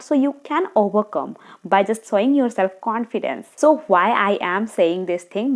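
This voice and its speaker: A woman English-speaking coach gives earnest, encouraging speaking tips directly to camera in a mid-range, slightly mellow voice. She often talks fast but sometimes slows down on purpose, checking in with her viewers throughout this tutorial monologue.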